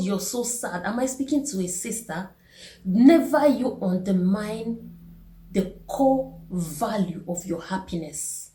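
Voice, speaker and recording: A woman's voice: medium pitch, lively intonation, a little slow, dark tone, reverberant. A young woman giving an earnest self-care pep talk, repeating key words and asking the listener direct questions. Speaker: vlogger.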